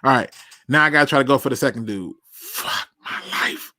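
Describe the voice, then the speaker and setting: A man hosting a casual sports talk show, animated and laughing at himself. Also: mid-range voice, rapid-fire, no room sound, clean studio sound. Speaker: podcast host.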